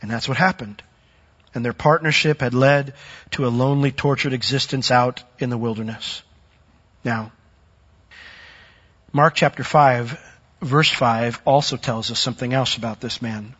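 Husky animated male preacher. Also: mid-range voice, moderate pace, long pauses, lo-fi sound. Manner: animated, dramatizes the demon's voice with sudden loud swells and soft drops. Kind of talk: sermon.

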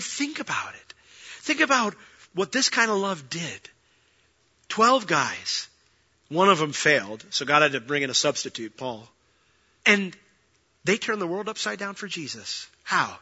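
Bright-voiced preaching man, dull lo-fi sound. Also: a little high, slightly rough. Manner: animated preaching, building to loud passionate peaks. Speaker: pastor. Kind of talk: sermon with personal story.

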